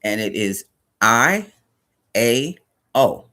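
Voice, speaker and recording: A man's voice: mid-range voice, lively intonation, very slow, bright, forceful tone. A man hosting a spiritual live stream, chatting casually and rambling, often correcting himself and greeting viewers by name.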